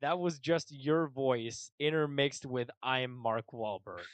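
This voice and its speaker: In his 20s, this podcast co-host laughs a lot in casual chat, teasing his friend and pulling the talk back to the news. His mid-range voice moves slowly, in a dry recording.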